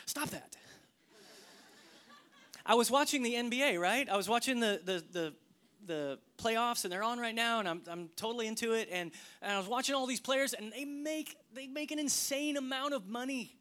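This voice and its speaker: A man preaching a sermon, swinging between loud emphasis and hushed, whispered lines. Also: very high voice, brisk. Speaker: pastor.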